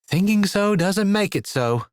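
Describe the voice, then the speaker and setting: A man's voice: high-pitched, lively intonation, measured pace, clean tone, dry recording, pitched above the performer's own voice. Man voicing a wry young woman. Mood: dry. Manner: dry, teasing.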